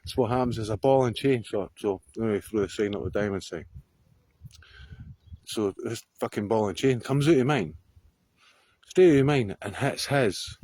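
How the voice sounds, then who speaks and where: A man's voice: fairly low pitch, moderate pace, a little mellow, breathy edge, dry recording. A Scottish man telling a story to camera outdoors on a hillside, rambling, swearing freely and often laughing. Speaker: vlogger.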